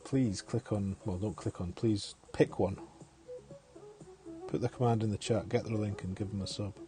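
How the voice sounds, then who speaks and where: A man's voice: lowish voice, steady tone, normal speed. A man giving casual live-stream commentary on a game, chatty, thinking aloud and chuckling often.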